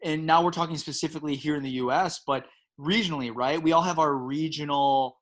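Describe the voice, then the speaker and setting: Guesting in a casual conversation, a middle-aged home pizza maker from Chicago speaks with the city's accent, rambling eagerly and restarting often. His pitch is fairly high, his intonation fairly even, and he talks fairly quickly.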